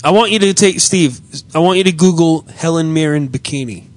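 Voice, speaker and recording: A male podcast host trades crude, profane jokes and mocks his caller. His voice sits a little high. The talk is loose and comedic. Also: a little fast. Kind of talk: casual comedic chat.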